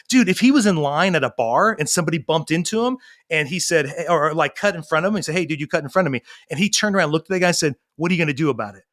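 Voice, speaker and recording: A man in his thirties, a parenting coach appearing as a guest, tells stories with animation in a casual interview. His voice runs a little high for a man, and he slips into the voices of the people he's describing.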